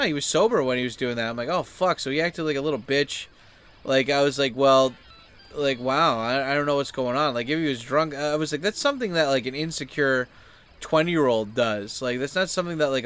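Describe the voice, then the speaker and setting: Rambling man telling a story. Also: smooth. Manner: rambling, heavy use of "like" and fillers; acts out quoted people with sudden high, loud outbursts. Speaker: channel host. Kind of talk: casual storytelling rant.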